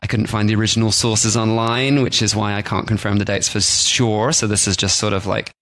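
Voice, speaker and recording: A man's voice: fairly low pitch, flat delivery, fairly quick, a bit bright, dry recording. Rambling, joking man. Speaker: podcast co-host. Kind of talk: casual chat.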